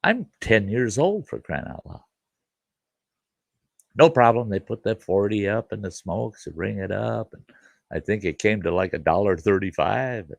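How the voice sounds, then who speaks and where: Gravelly guy, middle aged, folksy rambling yarn, lots of "you know", low and lively. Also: unhurried, dry recording. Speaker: host and storyteller. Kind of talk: casual spoken storytelling.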